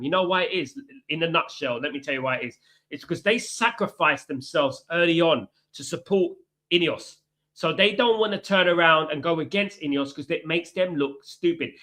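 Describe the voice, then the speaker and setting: Bright-voiced man ranting about football. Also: on the high side. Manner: chatty, shouts out viewers, fired-up football ranting. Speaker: watchalong host. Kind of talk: live stream chat with viewers. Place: indoors, hot room in Italy.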